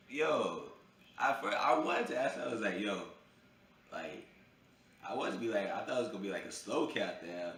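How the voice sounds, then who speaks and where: A young man casually telling a funny personal story, breaking into high yelps when he acts out his own reactions. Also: animated, moderate pace, a bit bright. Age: young adult. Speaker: vlogger. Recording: echoey room with faint ambient noise.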